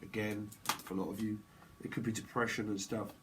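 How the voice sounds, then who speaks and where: A man giving a casual live tarot reading, rambling and excitable, repeating himself and using slang. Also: on the low side, brisk, noisy background. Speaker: tarot reader.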